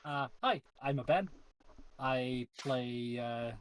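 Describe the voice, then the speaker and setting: A man playing in a tabletop game, talking in a deadpan, self-mocking way. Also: medium pitch, slow, slight background noise. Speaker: player. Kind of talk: casual chat at a game table.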